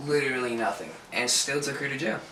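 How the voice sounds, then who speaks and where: Fast-talking man, echoey distant podcast mic. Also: mid-range voice. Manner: fast, profane storytelling, says "bro". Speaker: podcast co-host. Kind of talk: casual chat. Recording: echoey room, distant mic, loud background chatter.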